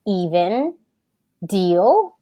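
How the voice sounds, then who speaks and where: A woman, co-hosting a casual podcast chat, telling animated stories and acting out her toddler. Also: medium pitch, very slow, muffled recording. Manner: animated storytelling, laughs often, acts out her toddler. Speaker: podcast co-host.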